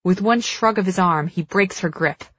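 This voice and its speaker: Low-voiced woman reading dark fiction. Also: slightly rough, no room sound, muffled recording. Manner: measured, slows for tense moments. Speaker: audiobook narrator. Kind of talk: dramatic first-person fiction reading.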